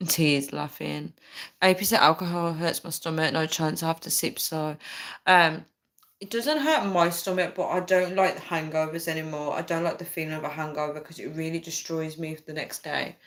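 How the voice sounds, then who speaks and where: A young woman talks casually to her viewers in a slightly low voice. She tells a personal story and reads out live comments, keeps checking in with "right?" and "guys", and breaks into laughs now and then. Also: moderate pace, a bit bright. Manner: chatty, frequent "right?" and "guys", laughs often. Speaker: vlogger reading live chat.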